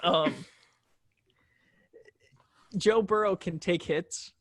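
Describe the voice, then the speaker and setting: A man's voice: high voice, extremely slow, no room sound. A man co-hosting a casual sports betting podcast, rambling with plenty of ums and restarts. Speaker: podcast co-host.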